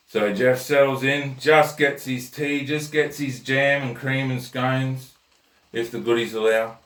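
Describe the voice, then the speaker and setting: A man's voice: medium pitch, unhurried, a bit bright. A blunt man hosts a comic rant and tells a crude joke in a loose, chatty way. His voice sits in the middle range, and it comes from a distance in an echoey room. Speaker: host. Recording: roomy echo, mic at a distance.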